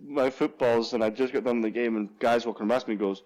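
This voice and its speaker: A man's voice: medium pitch, fairly quick, low-quality recording. A young Scottish man, a football punter and guest, telling stories in a casual chat, laughing often and acting out what others said. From Scotland. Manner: animated storyteller, laughs often, acts out quotes.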